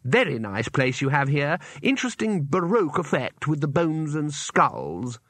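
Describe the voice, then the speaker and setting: Male reader doing a bright-eyed naive tourist guy, higher voice, polite and eager, close dry sound. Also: sing-song, normal speed, no room sound. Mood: cheerfully naive.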